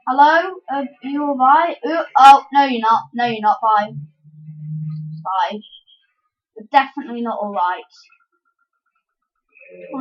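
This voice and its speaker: Excitable high-voiced woman, lo-fi recording. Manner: excitable, yelps and giggly outbursts. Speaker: gameplay commentator. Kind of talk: let's-play commentary.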